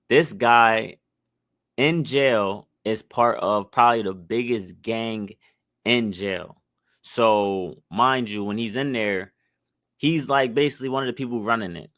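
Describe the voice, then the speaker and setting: Hosting his own channel, a man comments on an interview clip in a loose, reflective way, packed with fillers like "like" and "mind you." His voice is on the low side and a bit bright, recorded with studio quality and no room sound.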